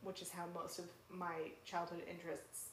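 A woman's voice: fairly low pitch, completely flat delivery, normal speed, slight background noise. A young woman co-hosting a podcast in casual, chatty talk, with frequent fillers and laughs. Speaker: podcast co-host. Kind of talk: casual chat. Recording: roomy echo.

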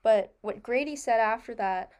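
Young female co-host, slightly high voice, chatty, laughs often, restarts mid-thought. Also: moderate pace, darkish tone, clean tone. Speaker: podcast co-host. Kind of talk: casual book discussion.

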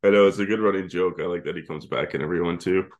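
A man with a very low voice co-hosts a podcast. He retells film scenes in long, loose stretches, laughing along and swearing casually. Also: racing, muffled recording. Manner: recaps the plot at length, laughing and swearing freely. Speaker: podcast co-host. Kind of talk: casual chat.

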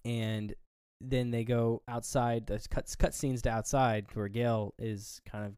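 A man's voice: mid-range voice, steady tone, a little slow, darkish tone, clear, resonant tone, no echo, studio quality. A man co-hosting a casual movie review chat, rambling and swearing as he acts out scenes. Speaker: podcast co-host.

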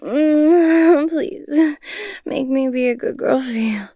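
A woman playing a breathy, pleading young student. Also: sits high, slow pace, warm tone, no room sound. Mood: eager.

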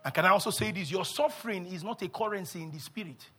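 A male pastor preaching a sermon, swinging from low murmurs to loud shouts and acting out scripture voices. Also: fast, husky. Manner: acts out scripture voices and asides.

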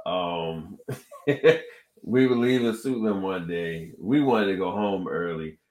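Guy telling a story on a podcast, lively, acts out the other people, bit of room echo. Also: deep voice, takes it slowly. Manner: animated storyteller, acts out quoted exchanges. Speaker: podcast co-host. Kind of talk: casual storytelling chat. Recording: roomy echo.

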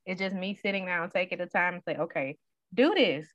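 A woman in her thirties talks casually and tells stories animatedly, playing out each quote. Her voice sits on the low side. The recording is dry and a little dull. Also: a little fast, no echo. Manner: animated storyteller who acts out quotes. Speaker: guest sharing her story. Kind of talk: casual conversation.

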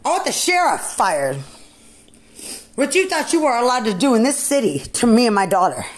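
A woman, a mother, delivering an angry, profane rant that keeps circling back to the same accusations and often breaks into shouting. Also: a little high, very animated, normal speed, a little hiss or hum. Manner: furious, accusing, repetitive, swings into shouting.

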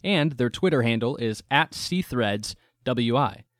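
A man's voice: mid-range voice, expressive, unhurried, a bit bright, no room sound, studio quality. A man, a regular of a tabletop game podcast, chatting casually and reading the show's sign-off. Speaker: podcast host and player. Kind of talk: casual chat and podcast outro.

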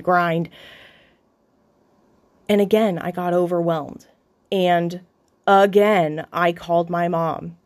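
A young adult woman hosting a podcast, telling a personal story in a candid, confessional way, with restarts and occasional swearing. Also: fairly low pitch. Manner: halting, with frequent restarts. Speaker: podcast host.

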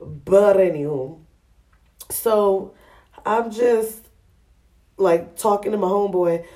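A woman's voice: medium pitch, takes it slowly, dark tone. A woman hosting a podcast, talking frankly and chattily to listeners in a sassy, laughing way. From Ghana. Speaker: podcast host. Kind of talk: candid solo podcast talk.

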